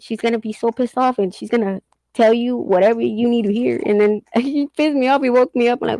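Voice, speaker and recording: A woman's voice: on the high side, fast, creaky, mellow, no room sound, poor audio. A middle-aged woman chatting candidly and casually, swearing and laughing often as she talks. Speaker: host. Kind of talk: casual chat.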